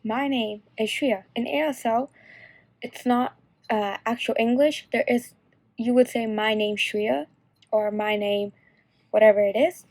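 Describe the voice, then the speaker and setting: Teen girl, casual tutorial, unhurried, slightly high voice. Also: darkish tone, no echo. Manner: halting, slow explanation. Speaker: sign language instructor.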